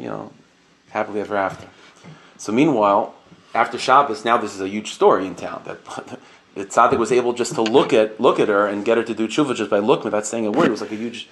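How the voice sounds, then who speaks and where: A man giving a casual storytelling sermon, speaking loosely with many fillers and Hebrew and Yiddish terms. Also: lowish voice. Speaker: rabbi giving a talk. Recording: noisy recording.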